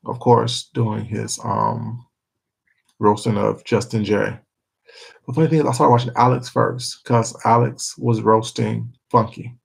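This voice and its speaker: Give me a husky man chatting loosely with viewers on a livestream, swearing as he goes. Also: medium pitch, rough recording. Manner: rambling, laughing, swears freely. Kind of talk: casual chat with viewers.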